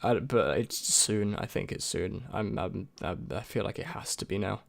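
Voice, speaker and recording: A man's voice: fairly low pitch, moderate pace, gravelly, dry recording. A young man and YouTube creator in casual chat, answering viewer questions in a rambling, hesitant way with many restarts.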